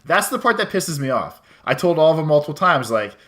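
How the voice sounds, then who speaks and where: A man's voice: fairly high pitch, sing-song, brisk, a bit bright. A young man co-hosting a casual podcast, ranting and swearing a lot, acting out the people he complains about. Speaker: podcast co-host.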